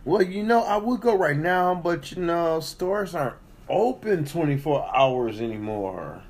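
A man's voice: a little high, expressive, measured pace. A man in a casual podcast chat, telling profane stories and acting out the people he quotes. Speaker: co-host.

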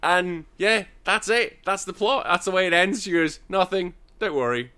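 A man's voice: high-pitched, animated, normal speed, bright, forceful tone, clean tone. A man hosting a podcast, recapping a film in sweary, mocking casual chat and acting out the characters' lines. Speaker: podcast host.

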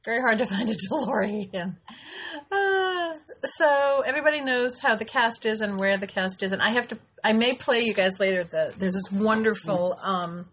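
A middle-aged woman hosting her own show, chatting casually and rambling with frequent pauses and laughs. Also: medium pitch, a bit bright, slight background noise. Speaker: show host. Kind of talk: casual live-stream chat.

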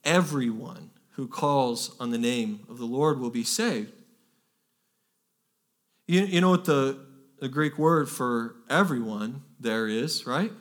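A pastor preaching a sermon, earnest and emphatic, often repeating words and pushing his voice up to stress key phrases. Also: mid-range voice.

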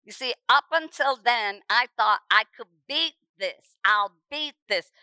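A middle-aged woman preacher telling her testimony with emphasis, often repeating words and rising to shouts at the dramatic moments. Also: on the high side, expressive, a little slow, clean tone, no echo, low-quality recording. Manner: repeats words when stirred. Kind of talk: testimony sermon.

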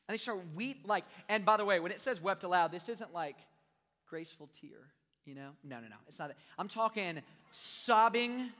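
A young man preaching a sermon, animated and joking with the crowd as he acts out scenes. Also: high voice, moderate pace. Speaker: youth pastor. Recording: long reverb of a large hall.

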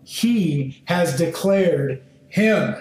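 A man preaching a sermon in a high, light voice, laying out scripture phrase by phrase at an unhurried pace. His delivery is measured and deliberate, building into pointed questions to his listeners. The recording carries a roomy echo. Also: lively intonation, a little mellow. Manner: slow, deliberate phrasing in short measured fragments; rising into emphatic questions to listeners. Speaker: Bible teacher.

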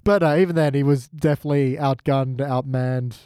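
A man's voice: mid-range voice, steady tone, warm tone, smooth, no room sound. Joking man, dry close sound. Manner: swearing, jokey, acts out scenes in quick voices. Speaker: podcast co-host. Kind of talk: casual chat reviewing a TV episode.

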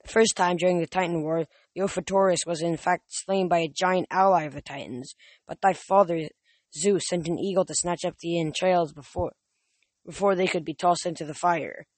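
A reader voicing a solemn young huntress who speaks in formal, old-fashioned phrasing. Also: female voice, on the low side, steady tone, normal speed, a little mellow, no echo, lightly acted.

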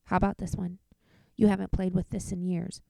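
A woman's voice: lowish voice, flat delivery, a little fast, creaky, dark tone, no room sound. A woman voicing an exasperated mother who talks in a firm, bossy way.

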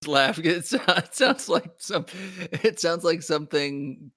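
Bright-voiced joking man co-host. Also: on the high side, expressive, slow, no room sound, studio quality. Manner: loose, rambling, joking. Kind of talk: casual chat.

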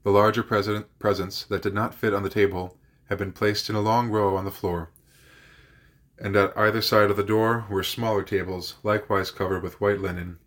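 A man with a somewhat low voice narrates a classic novel for his podcast. His reading is steady and measured, in a literary audiobook style.

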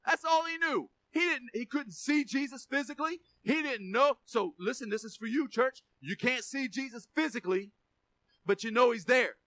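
High-voiced preacher, bright and dry. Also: male voice, moderate pace, no echo. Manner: emphatic, repeats words, asks congregation for amens. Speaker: pastor. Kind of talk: sermon.

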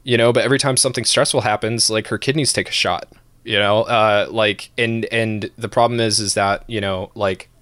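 A man's voice: lowish voice, moderate pace, clean tone, no room sound. A man co-hosting a casual stream podcast, ranting with a lot of swearing. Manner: profane, animated ranting with laughs. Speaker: podcast co-host.

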